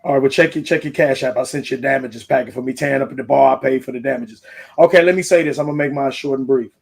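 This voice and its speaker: A man's voice: mid-range voice, fast talker, gravelly, slightly rough. A man speaking as a panel guest, blunt and emphatic, cursing and repeating himself. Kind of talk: heated panel talk.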